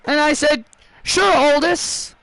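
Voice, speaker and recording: A man plays a bold newcomer wrestler woman who barges in to claim a title match. She taunts and boasts at an unhurried pace, with a very high voice. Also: creaky, bright, forceful tone, no room sound, full character voice, rough recording. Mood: storytelling. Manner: boastful, mocking. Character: cocky female wrestler, newcomer demanding a title shot. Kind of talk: voicing wrestlers over a video game.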